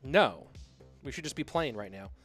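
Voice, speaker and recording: A man's voice: medium pitch, lively intonation, moderate pace, a bit bright, slightly rough, faint music behind. A man hosting a live stream, rambling and joking casually as he talks straight to his viewers from his home setup. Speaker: stream host and caster.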